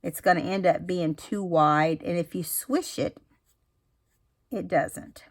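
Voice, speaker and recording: A woman with a slightly low voice talks through a card-making craft at a casual, chatty pace. She explains each step, restarting sentences and filling pauses with fillers. The sound is dry and close. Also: no room sound. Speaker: craft instructor.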